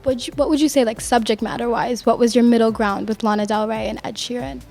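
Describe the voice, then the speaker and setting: A woman host puts casual questions to her guest, playful and teasing. Her voice sits a little high. Faint music plays behind her. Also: fairly even intonation, fast talker, vocal fry, a little mellow. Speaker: interviewer.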